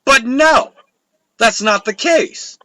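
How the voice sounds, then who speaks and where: A man's voice: very high-pitched, slow, pushed and bright, no room sound, low-quality recording. A man hosting a live show, ranting with heat and sarcasm and plenty of swearing. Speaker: show host. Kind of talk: profane live political rant.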